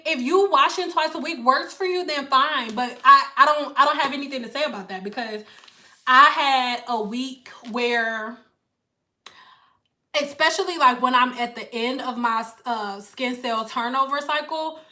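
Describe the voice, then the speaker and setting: A high-voiced woman hair stylist chats casually with viewers on a live stream. She's animated and blunt, swears freely, and slips into playful put-on voices now and then.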